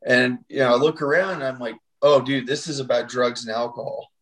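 The audio is poor, but you can hear a man in his thirties with a steady, mid-range, slightly bright voice talking fairly quickly. As a podcast guest he gives personal testimony in a loose, rambling way, full of "you know" and "like."

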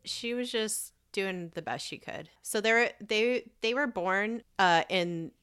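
A woman's voice: mid-range voice, slow, fairly bright tone, clear, resonant tone. A woman co-hosting a podcast in casual chat, laid-back, giggly and frank, swearing now and then. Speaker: podcast co-host.

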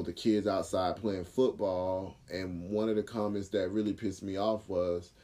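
Male host, low warm voice, casual storytelling monologue. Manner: animated retelling with acted quotes and filler words. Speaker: podcast host.

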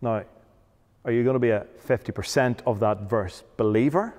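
A man's voice: mid-range voice, normal speed, darkish tone. A man preaching a sermon, emphatic, often asking rhetorical questions. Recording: long hall reverb.

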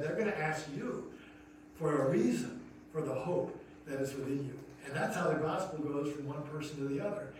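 Pastor preaching in an echoey church hall. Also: male voice, a little high, a little mellow. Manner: storytelling, earnest, rising to emphatic questions. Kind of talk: sermon. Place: church sanctuary. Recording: echoey hall from far off, noisy.

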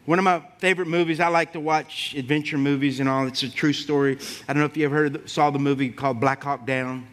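Animated pastor, bright high voice. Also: male voice, fast talker, hardly any pauses. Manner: animated, rising to shouts, repeats "come on". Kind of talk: sermon.

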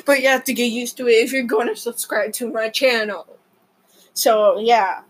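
Young woman vlogger, higher voice, excitable rambler, lots of fillers. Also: normal speed, slightly rough, rough recording. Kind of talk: rambling casual vlog.

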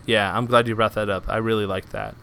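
Male podcast host, smooth clear voice, upbeat casual chat. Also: fairly low pitch, flat delivery, brisk, fairly bright tone. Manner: enthusiastic, upbeat sign-off.

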